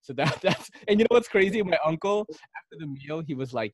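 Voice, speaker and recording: A man's voice: a little high, animated, a little fast, no room sound. A man from the Philippines hosting a casual knife podcast, telling stories in a rambling way with lots of fillers and restarts. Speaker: podcast host.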